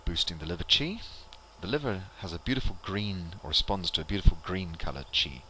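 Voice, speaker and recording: A man leading a qigong exercise class, calmly cueing each movement and breath step by step. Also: sits low, brisk, a little hiss or hum. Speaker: qigong instructor. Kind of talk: guided exercise instruction.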